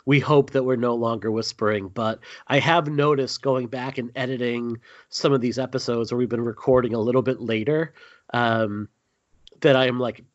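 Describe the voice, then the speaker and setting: A man's voice: medium pitch, fairly even intonation, normal speed, no echo. Chatty male podcast host, dry dull mic. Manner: chatty, rambling with frequent ums. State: a little tired. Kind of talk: casual podcast chat.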